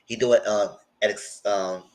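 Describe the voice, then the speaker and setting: A man's voice: steady tone, unhurried, low-quality recording. A man in casual recap commentary on a reality show, chatty and conversational, speaking. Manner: chatty and conversational, breaks into high mock voices when quoting.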